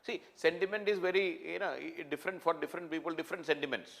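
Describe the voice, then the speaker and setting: A male lecturer with a voice pitched a little above the usual for a man. He talks to his class in an emphatic, repetitive way, breaking off and restarting his sentences and filling pauses as he goes. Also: creaky, a bit bright.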